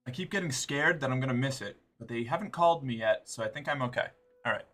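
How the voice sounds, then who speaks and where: A man's voice: medium pitch, quick pace, fairly bright tone. A man in his forties chatting casually and profanely while streaming a game, rambling and cutting himself off mid-thought. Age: 40s. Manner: rambling, profane, self-interrupting. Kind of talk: casual live-stream chat while gaming.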